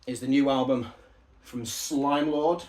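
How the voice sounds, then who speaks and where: A man talks casually as he shows off a parcel of records. He rambles into asides, and his voice drops softer whenever he wanders off on a tangent. His voice sits at an ordinary middle pitch. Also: steady tone, slow. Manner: rambling and chatty, with asides and side stories. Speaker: record collector showing a parcel of vinyl albums. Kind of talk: casual unboxing chat to camera.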